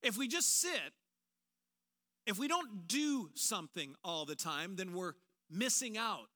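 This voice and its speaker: Preaching at a measured pace in a large church auditorium, this pastor has a high, bright voice with a sharp, forward tone. He speaks with animation and drops into quoted voices along the way.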